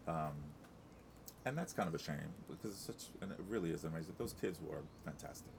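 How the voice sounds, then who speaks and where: A man's voice: rumbling low, a little fast, vocal fry, noisy background. A middle-aged man, a stage actor, chatting in an interview, rambling with lots of restarts and fillers. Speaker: Broadway actor, guest. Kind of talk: casual interview chat.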